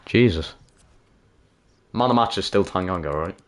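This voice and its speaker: Brief: deep-voiced man, excitable gameplay commentary. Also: moderate pace. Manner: excitable, swings from cheering to groaning. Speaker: gaming YouTuber.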